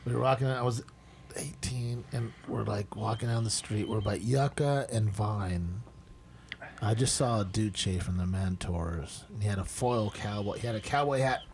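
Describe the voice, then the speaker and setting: A middle-aged man hosting a podcast, telling stories in a casual, profane, animated way and mimicking the people in them. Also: lowish voice, normal speed, a little hiss or hum. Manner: profane, animated, acts out voices in his stories. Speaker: podcast host. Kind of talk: casual storytelling chat.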